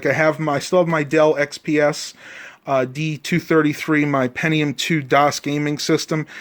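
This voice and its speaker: Easygoing man in a casual home vlog. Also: on the high side. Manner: easygoing, rambling, frequent ums and uhs. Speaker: vlogger. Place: his bedroom at home.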